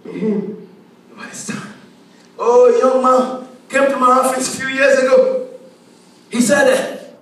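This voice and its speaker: A male pastor preaching a sermon, rising into shouted declarations and call-and-response. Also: very high-pitched, steady tone, slow pace, long pauses. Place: church hall. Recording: echoey hall, mic far off, faint noise.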